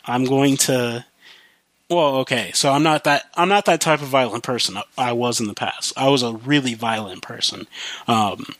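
A man's voice: mid-range voice, a little fast, a bit bright, no echo. A young man hosting a podcast alone, rambling casually about his life with lots of fillers and restarts. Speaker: podcast host. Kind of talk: casual monologue.

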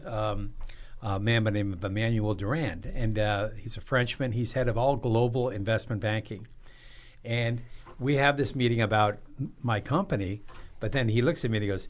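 A man's voice: fairly low pitch, moderate pace. A man talking as a guest on a radio show, telling jokey stories and laughing often. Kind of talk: casual radio chat.

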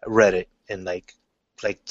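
A man's voice: deep voice, normal speed, dry recording, dull audio. A man chatting casually in an interview about his writing, telling stories in a loose way with lots of fillers and restarts. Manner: relaxed storytelling, many fillers and restarts. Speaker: comic book writer.

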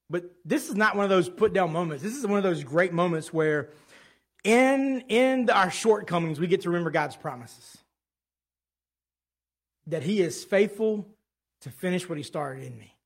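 A man in his thirties preaching a sermon in a conversational, animated way, telling stories from home. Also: high voice, normal speed. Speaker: pastor.

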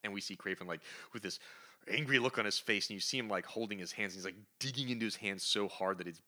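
A man co-hosting a comic book podcast, retelling stories with lively, acted-out character lines. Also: fairly low pitch, fast. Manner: animated storyteller, acts out characters' lines. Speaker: podcast co-host. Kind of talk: casual comic book review chat.

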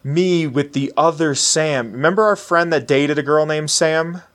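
A man's voice: fairly high pitch, unhurried. A man in his late twenties telling a long story in casual podcast chat, acting out the people he quotes. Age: late 20s. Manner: animated, acts out quoted voices.

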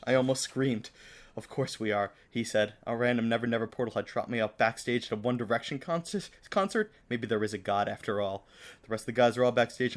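A man co-hosting a podcast, reading fan fiction aloud with theatrical flair and breaking into laughter. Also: medium pitch. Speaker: podcast co-host.

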